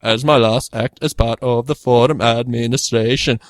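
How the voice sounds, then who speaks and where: A man's voice: medium pitch, steady tone, normal speed, no echo, studio quality, natural voice. A man putting on a mock German accent to play a ranting dictator in a jokey podcast bit.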